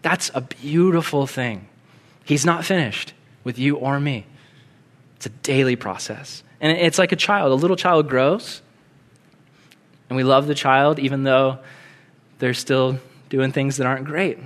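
Male pastor, earnest conversational sermon, mid-pitched voice. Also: measured pace, long pauses. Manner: earnest, conversational, with emphatic swells and hushed prayer.

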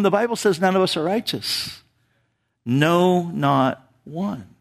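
A man's voice: high-pitched, a bit bright. A male pastor preaching a sermon in church, talking with the congregation through rhetorical questions.

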